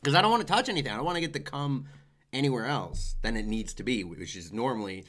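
A man's voice: mid-range voice, animated, fast talker, fairly bright tone. A man co-hosting a podcast, joking crudely and swearing a lot in casual chat. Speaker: podcast co-host.

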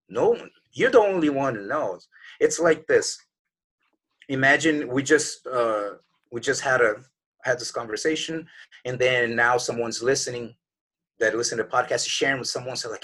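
A man's voice: medium pitch, lively intonation, moderate pace, a bit bright, breathy edge. A man in his forties, a podcast guest, telling a motivational story in an earnest, conversational way and acting out his own doubting inner voice. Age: 40s.

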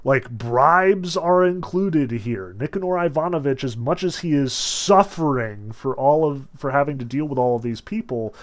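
A man with a mid-range voice speaks at a moderate pace, barely pausing. He's giving a relaxed lecture on literature, leaning on "notice" and "like" and reading novel passages aloud in a chatty way.

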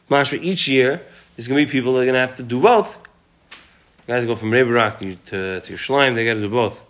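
A man's voice: medium pitch, a little fast. A man teaching a casual Talmud class, quoting Aramaic and Hebrew passages and then explaining them in informal, conversational English.

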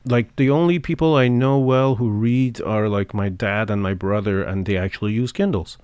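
Here the man's voice is lowish, slightly mellow, clear and resonant, with no room sound. Co-hosting a casual podcast chat, he stumbles along with many fillers and keeps restarting his sentences.

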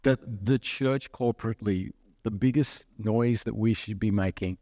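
A man's voice: fairly low pitch, moderate pace, warm tone, no echo, studio quality. A man preaching a sermon in a conversational way, asking the listeners questions and acting out little asides. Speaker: pastor.

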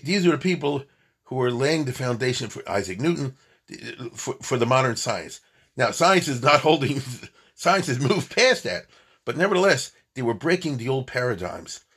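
A man's voice: mid-range voice, fairly bright tone, slightly rough. A man giving an informal lecture on history, chatty and digressive, often checking in with his listeners.

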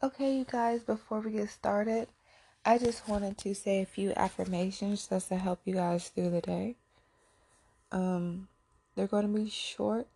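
A woman hosting a casual podcast who leads the listeners through affirmations, saying each one gently and then repeating it. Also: mid-range voice, fairly even intonation, a little slow, husky. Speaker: podcast host. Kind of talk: casual podcast chat leading spoken affirmations.

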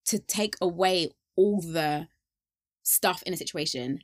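A woman hosting a casual faith discussion podcast, animated and quick to laugh, acting out little quotes as she talks. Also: lowish voice, dry recording, studio quality. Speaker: podcast host.

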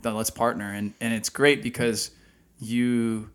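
A man's voice: medium pitch, flat delivery, smooth. Reflective male podcast co-host. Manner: reflective, conversational, measured. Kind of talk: casual conversation.

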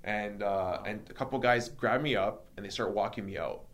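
Low-voiced man telling a story animatedly. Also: normal speed. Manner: animated, reenacts dialogue, many fillers. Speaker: podcast host telling his story. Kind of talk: casual storytelling chat.

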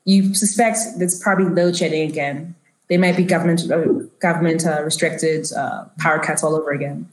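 A woman's voice: deep voice, fairly even intonation, fairly quick. A woman narrating a tabletop role-playing game as game master, with a loose, descriptive manner full of fillers. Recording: roomy echo.

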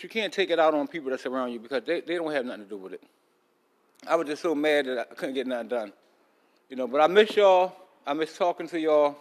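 A man hosting a podcast, telling a long story in a loose, rambling casual way, talking around a loose tooth. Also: on the high side. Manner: loose, rambling, with many fillers and restarts. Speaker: podcast host.

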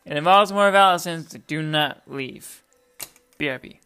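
A young woman hosting a podcast in casual chat, profane, excitable and rambling, talking into a desk microphone. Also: sits low, moderate pace, soft background music. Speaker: podcast host.

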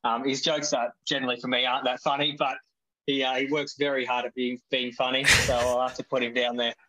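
A man talking as a guest on a casual podcast, hesitant with many ums, gently teasing his teammates. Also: medium pitch, little pitch movement, a little fast, very noisy.

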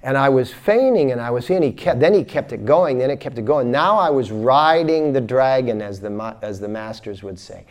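Male spiritual teacher, lecture delivery, mid-range voice, dynamic storyteller with loud bursts. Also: medium pitch, normal speed, few pauses. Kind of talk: recorded lecture.

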